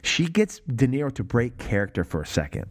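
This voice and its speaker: Excitable, foul-mouthed man talking movies. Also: medium pitch, a little fast. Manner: excited, profane, acts out movie quotes. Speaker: podcast host. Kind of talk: casual film discussion.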